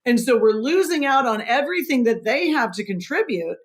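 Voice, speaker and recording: Author guest, female; earnest and emphatic, explains history clearly in an interview. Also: on the high side, animated, fairly quick.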